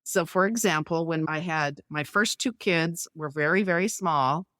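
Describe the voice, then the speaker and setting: A middle-aged woman, a podcast guest, explaining conversation tips clearly and illustrating them with anecdotes. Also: deep voice, moderate pace, a bit bright, no echo, studio quality.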